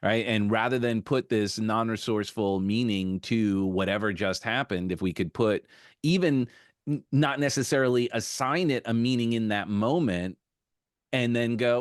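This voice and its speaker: Male podcast host, lowish voice, reflective storyteller, dry close-miked sound. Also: normal speed, clean tone, no room sound. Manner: reflective, storytelling with acted quotes. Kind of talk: conversational interview.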